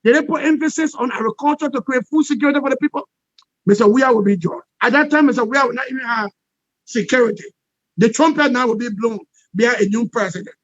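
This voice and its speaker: A high-pitched man delivers passionate political commentary as an interview guest. He hammers his points home, repeating phrases and asking for agreement. The recording is dull and lo-fi, with a close, dry sound. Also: quick pace, fairly bright tone, no room sound. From Liberia. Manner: emphatic, repetitive, punctuates points with "all right?". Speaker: interview guest, peace expert.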